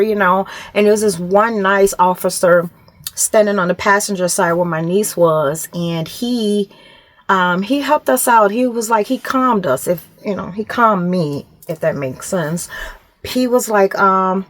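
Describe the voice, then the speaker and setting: A middle-aged woman vlogger telling a story to camera in a casual, animated way, acting out the other people's voices. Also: medium pitch, normal speed, dry recording.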